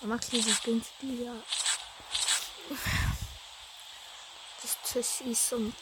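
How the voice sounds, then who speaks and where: A woman's voice: on the high side, level tone, slow pace, very noisy. A woman giving casual, self-mocking commentary while playing a video game, laughing often. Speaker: gaming YouTuber.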